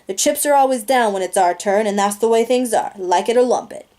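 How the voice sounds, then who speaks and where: A woman's voice: a little high, a little fast, dark tone, close to an everyday voice. A blunt, streetwise teenage greaser boy who is tough on the outside and good-natured underneath, with a woman reading the part. The reading stays close to the narrator's own voice, storybook style. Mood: gruff.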